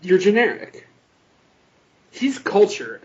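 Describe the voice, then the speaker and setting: A man's voice: sits high, sing-song, slow pace, highs cut off. A man co-hosting a podcast, teasing his friend in casual, jokey banter. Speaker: podcast co-host. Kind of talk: casual chat.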